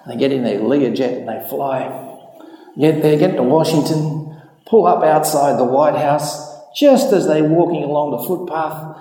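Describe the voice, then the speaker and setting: A man tells a long joke at a public talk, his voice mellow and a little high for a man. He leaps into much higher voices when quoting characters. The sound rings with heavy echo and long reverb from a hall. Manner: storytelling, jumps high for quoted voices. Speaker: speaker.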